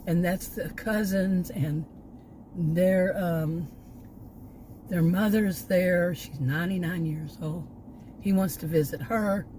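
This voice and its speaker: A woman's voice: on the low side, takes it slowly, mellow, slight background noise, rough recording. An older woman from Texas, talking in a rambling, casual vlog with many restarts and asides, a little short of breath. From Texas, United States. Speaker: vlogger. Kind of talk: casual personal vlog talk.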